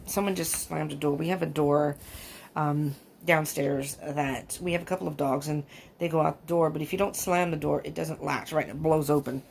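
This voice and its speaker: This time the California tarot reader's voice sits low, creaky and darkish. She rambles chattily through a casual reading from an upstairs room at home, laughing often, with faint fan noise behind her.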